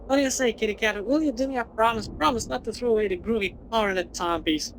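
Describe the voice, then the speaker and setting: A man's voice: sits high, quick pace, a little hiss or hum, poor audio. A woman voicing a laid-back male beatnik hipster from a video game, full of slang and calling people baby. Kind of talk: reading game dialogue aloud in a put-on voice.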